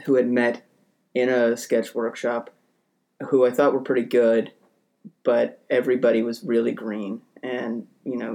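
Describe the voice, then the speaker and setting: Male podcast co-host, mid-pitched, blunt and opinionated, swears freely. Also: a little mellow. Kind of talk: casual chat.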